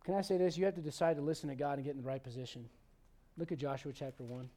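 A man's voice: fairly high pitch, rapid-fire, warm tone. A man in his forties preaching a sermon, acting out Bible characters with humor. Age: 40s. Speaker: pastor.

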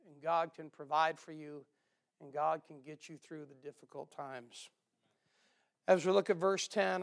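High-pitched gravelly preacher. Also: male voice. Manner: emphatic, rising to loud bursts then dropping low; repeats key phrases for emphasis. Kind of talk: sermon.

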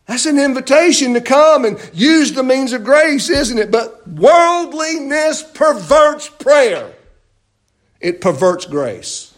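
High-voiced emphatic male preacher, slow delivery. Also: very animated. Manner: emphatic, repeats phrases and asks rhetorical questions. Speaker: pastor. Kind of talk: sermon. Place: church.

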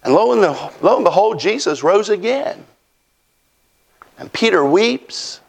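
A man's voice: sits high, lively intonation, unhurried, vocal fry. A man preaching a sermon in a folksy way, acting out quotes from his text. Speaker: pastor.

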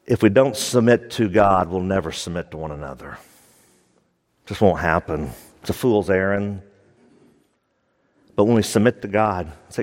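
A man's voice: deep voice, normal speed, long pauses, in a large hall. A man preaching a sermon as pastor, emphatic and repeating his key lines for stress.

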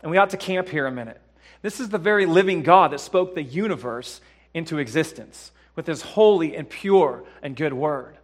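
Male pastor in the pulpit, slightly high voice, fiery sermon delivery that rises from hushed to booming, heavy on repetition and rhetorical questions. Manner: swings from hushed lows to loud emphatic peaks. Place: church.

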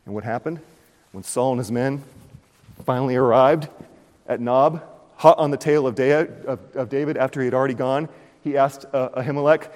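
A man preaching a sermon, retelling a scripture story with animated storytelling, acting out the scenes and cracking puns. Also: medium pitch, moderate pace, pauses often. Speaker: pastor. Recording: long hall reverb.

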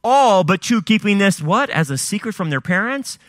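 High, lively male preacher firing questions at the crowd, bright edgy tone, dry close sound. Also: normal speed, no echo. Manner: fiery rhetorical questions, rising and dropping emphasis. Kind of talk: sermon.

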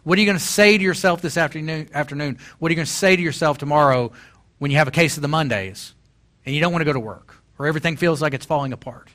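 A man's voice: on the high side, fast talker, fairly bright tone. A man in his forties preaching a sermon as pastor, telling stories and building to emphatic exhortation. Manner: storytelling, rising to emphatic exhortation.

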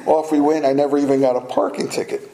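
A man's voice: a little high, big pitch swings, fast talker, gravelly, warm tone, slight background noise. Man telling a sermon story, echoey room. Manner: storytelling, with small laughs and restarts. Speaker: pastor.

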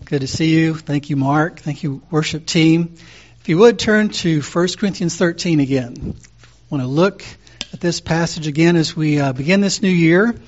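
A man with a fairly high voice delivers a calm, conversational sermon, easing through his points and pausing on little fillers. The recording is dull and lo-fi, with muffled highs. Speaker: pastor.

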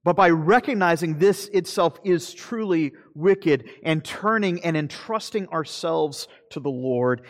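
A man preaching a sermon as pastor, earnest, slowing for emphasis and then speeding up. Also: on the high side, in a large hall. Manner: earnest preaching, shifting between slow emphasis and quick asides.

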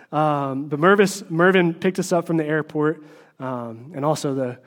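Male preacher, higher register, chatty teaching sermon, lots of ums and restarts, emphatic asides. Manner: informal, with frequent fillers and restarts. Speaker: preacher teaching a Bible study. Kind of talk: conversational sermon.

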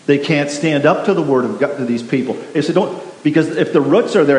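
A pastor preaching a sermon, emphatic and repetitive, putting questions to the congregation. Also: male voice, a little high, brisk, hardly any pauses, a little mellow. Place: church sanctuary. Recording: echoey hall with faint hiss.

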